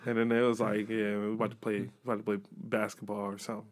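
A young man from Buffalo, co-hosting a podcast in casual chat, an animated storyteller who acts out quotes and swears freely. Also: fairly low pitch, fast talker, a loud crowd. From Buffalo, New York. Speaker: podcast co-host.

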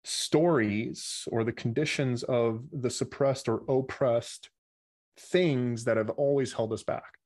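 A man's voice: medium pitch, steady tone, slow, darkish tone, no room sound, clean studio sound. A man speaking as a podcast guest, reflective and spiritual, swearing casually in conversation.

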